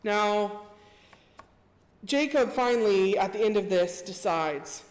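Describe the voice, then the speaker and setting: A woman's voice: mid-range voice, animated, slow pace, pauses often. A woman preacher giving a casual sermon, retelling scripture in a chatty storytelling way. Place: church. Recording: echoey church hall reverb.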